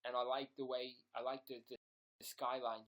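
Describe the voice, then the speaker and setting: A man's voice: mid-range voice, level tone, moderate pace, fairly bright tone, voice pushed down, natural voice. A man voicing a chatty New Yorker in a put-on New York accent, rambling and repeating himself. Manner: rambling and repetitive. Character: chatty male New Yorker, fond of his city.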